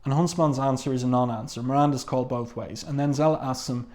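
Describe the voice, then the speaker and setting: A man's voice: medium pitch, fairly even intonation, quick pace, darkish tone. A man talking casually through a comic book review, reading quotes from the panels aloud, with frequent fillers and asides.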